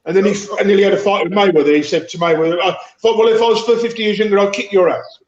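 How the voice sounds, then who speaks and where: Blunt, high-voiced man from England. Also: rapid-fire, a little mellow, reverberant, dull audio, a little hiss or hum. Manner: blunt, swears freely, mocking. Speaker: podcast panelist. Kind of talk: casual boxing chat.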